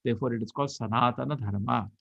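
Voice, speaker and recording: Gravelly preacher. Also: male voice, medium pitch, rapid-fire, no echo. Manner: animated storyteller, acts out quotes. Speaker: temple preacher. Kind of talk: scripture lecture. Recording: dull lo-fi recording.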